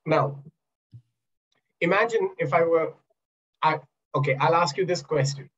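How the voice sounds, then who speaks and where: A man's voice: a little high, measured pace, fairly bright tone, lo-fi sound. A man coaching in a webinar over a video call, explaining by asking questions and acting out examples. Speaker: NLP coach and trainer. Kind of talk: webinar talk.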